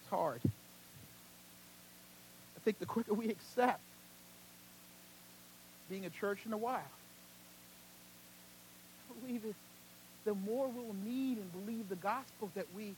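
A man with a strikingly high voice preaches to his congregation. He swings between loud, fervent peaks and quiet, close passages. A faint hum sits under his voice. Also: a little slow, long pauses, poor audio. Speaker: senior pastor. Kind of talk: sermon.

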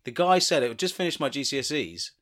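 A man from London co-hosting a comedy podcast, deadpan and mock laid-back, with pedantic asides. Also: mid-range voice, quick pace. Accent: London English. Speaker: podcast co-host. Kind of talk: casual comedy podcast chat.

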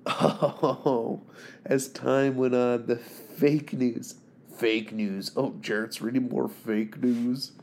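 A man in his thirties with a gravelly, fry-laden voice rants through a fantasy league recap. He is sick with covid and swings into sarcastic, swearing tirades, laughing at his own jokes. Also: medium pitch, steady tone, takes it slowly, a little mellow, slight background noise. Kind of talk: profane rambling recap monologue.

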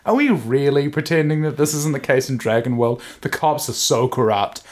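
A man co-hosts a casual podcast at an everyday middle pitch. He rambles enthusiastically from point to point, cracking jokes and laughing along. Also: normal speed, noisy background. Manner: enthusiastic, digressive, jokey, laughs often. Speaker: podcast co-host. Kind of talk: casual chat.

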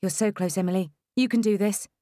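A woman's voice: mid-range voice, fairly even intonation, fairly quick, warm tone, no room sound, studio quality, close to an everyday voice. A woman voicing a reassuring, encouraging female midwife.

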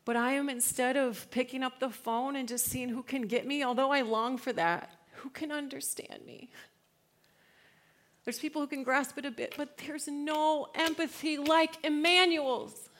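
A woman in her thirties giving a casual, slangy church talk, laughing often and swinging from hushed to loud. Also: high-pitched, fairly even intonation, normal speed. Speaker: speaker at a church gathering.

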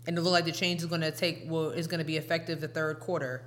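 A woman co-hosting a casual chat, her voice low for a woman. She speaks loosely and repeats phrases for emphasis, with a faint hum behind her. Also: flat delivery, quick pace. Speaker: podcast co-host.

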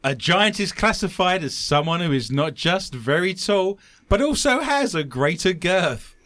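A man's voice: high voice, unhurried, a little hiss or hum. A man hosting a comedic podcast, joking and reading odd news stories aloud. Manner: jokey, animated, reads news stories aloud. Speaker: podcast host.

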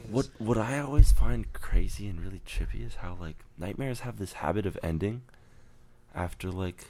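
A man chatting on a podcast, telling his memories in an earnest, halting way with restarts. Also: on the low side, lively intonation, a little mellow. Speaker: podcast co-host. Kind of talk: casual chat.

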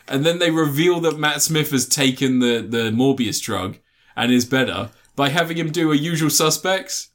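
A man's voice: on the high side, normal speed, hardly any pauses, fairly bright tone. A man in casual chat, retelling a film plot with lots of swearing and acted-out lines.

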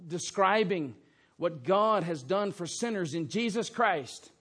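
A man with a notably high voice preaches slowly and deliberately from the pulpit. He drives his points home with emphasis and keeps asking his congregation pointed rhetorical questions. The sermon is delivered in a church sanctuary. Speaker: pastor. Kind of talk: expository sermon.

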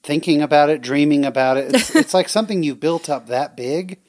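A woman's voice: deep voice, brisk, darkish tone. A woman hosting a casual interview, reacting with surprise and summing up her guest's story. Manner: reactive, exclaims and sums up the story. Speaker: podcast host.

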